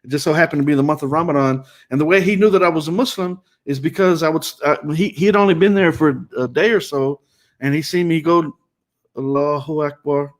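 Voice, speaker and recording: A man's voice: a little high, fast. A middle-aged man hosting a live stream, giving an earnest personal testimony full of repetitions and restarts. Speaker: host.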